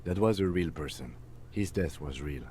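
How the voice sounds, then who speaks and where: An actor voicing a reserved police officer in a game, calm, dry and precise. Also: male voice, very deep voice, moderate pace, slight background noise. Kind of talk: game dialogue.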